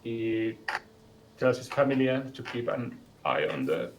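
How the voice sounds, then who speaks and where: A man's voice: medium pitch, very animated, measured pace, a little hiss or hum, poor audio. A man playing a tabletop game, hesitantly narrating what his character does. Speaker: player. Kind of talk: tabletop play.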